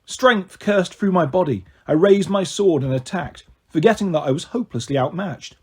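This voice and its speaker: A man reading a novel aloud in first person, with expressive, animated narration. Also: high voice, moderate pace, husky. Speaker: storyteller.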